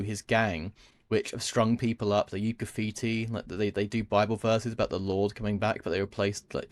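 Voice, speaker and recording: A man's voice: lowish voice, darkish tone, no room sound. A man talking casually and at length about a film on a podcast, rambling with many fillers and restarts. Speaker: podcast co-host.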